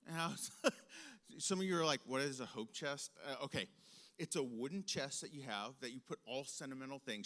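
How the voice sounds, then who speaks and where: Young man, high bright voice, animated storyteller, large reverberant hall. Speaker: speaker to students. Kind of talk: storytelling talk.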